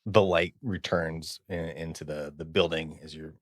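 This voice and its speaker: Deep-voiced male game master. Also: fairly even intonation, measured pace, no room sound, clean studio sound. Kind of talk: narrating a tabletop game.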